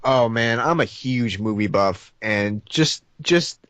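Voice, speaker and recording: Lively-voiced man telling stories over a call. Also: mid-range voice, takes it slowly, clear, resonant tone, no echo. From Nashville, Tennessee. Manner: relaxed, chatty storytelling with repeated restarts. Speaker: guest. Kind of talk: casual interview chat.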